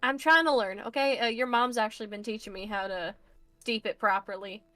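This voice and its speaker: A woman's voice: medium pitch, fairly even intonation, a little fast, sharp tone, no echo. A woman playing a tabletop game over a video call, teasing and blunt, swearing casually. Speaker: player. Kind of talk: casual tabletop role-play chat.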